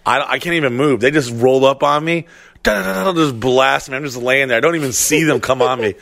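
A man co-hosting a podcast, telling stories in a casual, animated, heavily profane way and acting out what people said. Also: mid-range voice, normal speed, gravelly, no room sound. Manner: profane, animated storytelling with acted-out quotes. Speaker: podcast co-host. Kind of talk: casual storytelling chat.

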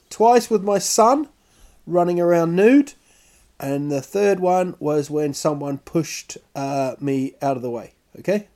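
A male comedian telling a story in a self-mocking, animated way, acting out sounds and little voices as he goes. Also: high-pitched. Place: lives in Stockholm.

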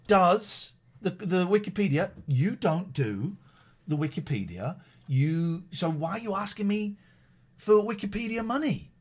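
A man's voice: high voice, very animated, measured pace, slightly rough. A middle-aged man hosting a radio show, teasing and joking with playful stumbling restarts. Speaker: radio host. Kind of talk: casual radio banter. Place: radio studio.

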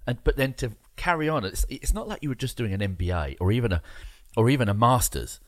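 A man's voice: mid-range voice, lively intonation, quick pace, dry recording. Enthusiastic male interviewer. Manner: enthusiastic, rambling questions. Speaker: podcast host. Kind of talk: casual interview chat.

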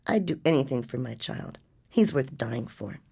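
A woman reading the lines of a distraught mother who is fighting hard for her sick son, with low, gravelly tones. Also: animated, normal speed, a little mellow, full character voice. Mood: resolute. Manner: pleading, anguished outbursts. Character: distraught, fiercely determined mother of a sick boy.

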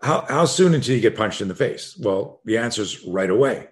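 A self-defense coach, a man, telling a story as a podcast guest, frank and animated, acting out the dialogue as he goes. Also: on the low side, brisk. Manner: animated, re-enacts dialogue in vivid bursts; frank and profane.

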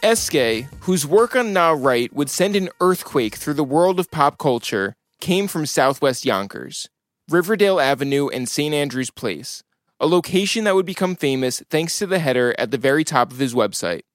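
Male podcast narrator with a lighter voice, dry close voice-over, soft music behind. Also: on the high side, expressive, no echo. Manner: measured, polished narration. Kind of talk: scripted documentary narration.

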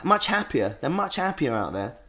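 A man's voice: a little high, sing-song, moderate pace, pushed and bright. A man chatting casually, crude and full of jokes and swearing. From England. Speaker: musician guest. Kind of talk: casual chat.

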